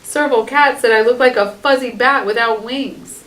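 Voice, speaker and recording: A woman's voice: on the high side, moderate pace, fairly bright tone, voice pushed up, lightly acted. A woman reading a storybook aloud, voicing a sheepish, apologetic little male fox.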